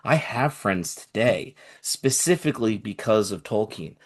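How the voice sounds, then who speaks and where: A young man speaking earnestly and emotionally in a live group chat, his voice softening as he shares something personal. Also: on the low side, lively intonation, unhurried. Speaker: community organizer of a fan group.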